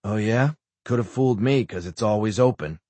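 A man's voice: on the low side, moderate pace, mellow, no echo, natural voice. A man voicing a stubborn, sarcastic injured man pushing to get out of bed, in an audiobook. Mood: impatient. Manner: insistent, sarcastic. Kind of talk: audiobook character voice.

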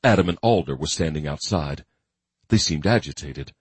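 A man giving steady, grim scripted narration of a thriller audiobook. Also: rumbling low, moderate pace, slightly rough, no echo.

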